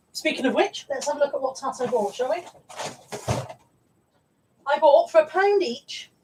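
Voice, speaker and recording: A woman's voice: high-pitched, animated, unhurried, far from the mic, noisy background. A woman hosting a casual live stream, chatty and rambling as she greets viewers. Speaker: live-stream host and reseller.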